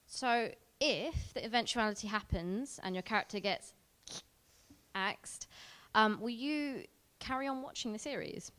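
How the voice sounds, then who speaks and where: A woman's voice: a little high, lively intonation, unhurried, a bit bright. A woman interviewing a guest at a convention, asking her questions with plenty of hesitant fillers.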